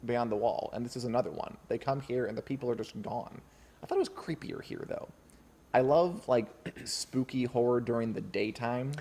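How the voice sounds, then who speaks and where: A man's voice: medium pitch, normal speed, mellow. A man co-hosting a casual podcast about a book, chatty, laughing often and reading passages aloud. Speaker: podcast co-host.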